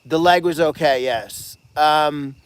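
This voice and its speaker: A man caring for animals at a sanctuary, chatting casually and excitedly on a livestream and thanking donors as he goes. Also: on the high side, takes it slowly, clear, resonant tone, dry recording. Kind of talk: casual live-stream chat.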